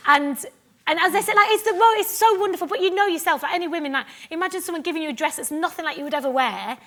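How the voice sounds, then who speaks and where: A woman from Cumbria, a guest on a live festival stage, chatting in an animated, self-mocking way, laughing often and acting out what others said to her. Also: very high voice, very fast. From Cumbria, England. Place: festival stage before an audience. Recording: live stage mic with audience ambience.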